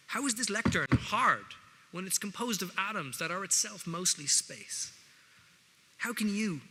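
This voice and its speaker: A guest speaker with an Irish accent addresses students in a large hall, his voice a little high, bright and forceful. His speech is wry and conversational, sprinkled with jokey asides. The reverberant hall leaves some echo and faint background noise.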